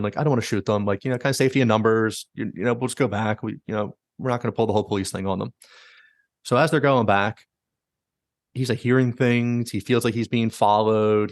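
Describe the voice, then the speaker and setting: This podcast host talks fast in a lowish voice with fairly even intonation. He retells stories in a casual way, sprinkled with "likes" and quoted asides, and the recording is clean studio sound with no echo.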